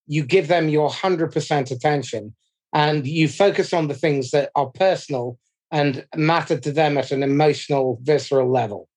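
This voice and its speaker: Man, podcast host, measured, reflective, slightly high voice. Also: darkish tone. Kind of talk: conversational podcast interview.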